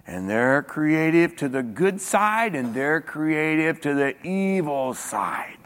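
A high, lively male pastor preaching in a church, with a voice that leaps between low murmurs and high shouts. He often repeats words as he drives each point home. A long hall reverb trails every phrase. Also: slow, smooth. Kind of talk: sermon.

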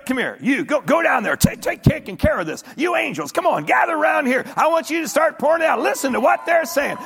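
A man voicing God as an excited, commanding figure who calls angels together, shouting urgently. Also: very high voice, vocal fry, slight background noise, voice pushed up, exaggerated voice. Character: booming joyful God summoning angels.

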